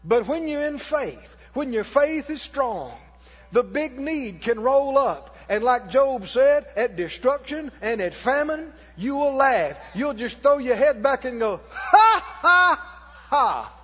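Male preacher, very high pitch, lively sermon delivery, muffled lo-fi church recording. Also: unhurried, breathy edge, big-room sound. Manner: animated preaching with mock laughs and shouts. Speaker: pastor.

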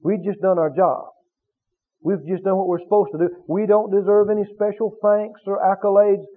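A man's voice: high-pitched, level tone, normal speed. A man preaching a sermon, questioning the congregation and acting out little scenes. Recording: phone-like tinny recording.

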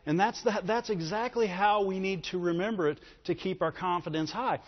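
A male preacher delivers an emphatic sermon in a notably high voice, pressing his listeners with call-and-response questions. His words ring out with a long reverberant tail, as if filling a large hall. The recording itself sounds dull and lo-fi. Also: moderate pace. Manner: emphatic, calls for audience response.

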